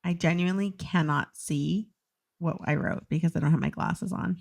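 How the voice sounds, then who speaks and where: A woman's voice: lowish voice, steady tone, moderate pace, vocal fry, a little mellow. A woman co-hosting a podcast in casual chat, riffing and giggling, acting out little impressions. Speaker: podcast co-host.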